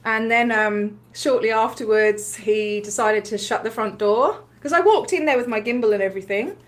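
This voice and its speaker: Animated, laughing woman telling a story. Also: fairly high pitch, normal speed. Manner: animated, laughs often, many ums and likes; acts out other people's lines while retelling. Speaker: livestream host recounting a protest. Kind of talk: casual storytelling.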